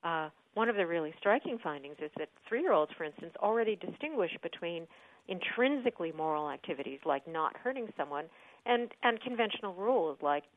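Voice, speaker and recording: A woman speaking as an expert guest on a radio show, explaining things in a thoughtful, measured way with frequent hesitations. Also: lowish voice, lively intonation. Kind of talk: explanatory radio interview answers. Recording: dry, narrowband phone-like line.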